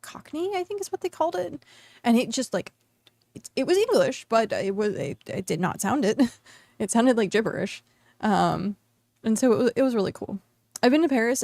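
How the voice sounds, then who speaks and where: An American woman streamer chats casually while gaming, rambling with lots of fillers and restarts. Her voice is a little high with a darkish tone, and there's no echo.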